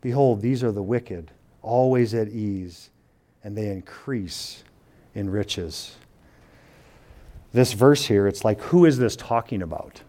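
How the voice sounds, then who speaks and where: This preacher speaks at a medium pitch while teaching a sermon. He reads scripture in a slow, quiet manner, then explains it in his own words with frequent restarts and paraphrased quotes.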